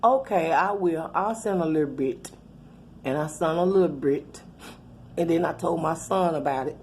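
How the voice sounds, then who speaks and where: Middle-aged woman host, animated profane storyteller, low voice, faint background noise. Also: moderate pace. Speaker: channel host. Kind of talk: casual storytime.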